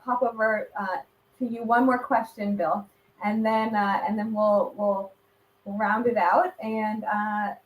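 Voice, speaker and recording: A woman's voice: mid-range voice, steady tone, measured pace, lo-fi sound. Woman host in an echoey room. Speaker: magazine editor, interview host. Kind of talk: hosting a live interview.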